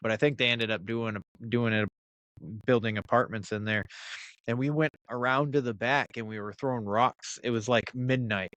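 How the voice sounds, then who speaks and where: A man's voice: medium pitch, normal speed, no echo. A man hosting a podcast, telling stories in casual chat and swearing often. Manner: swears often, animated storyteller. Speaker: podcast host.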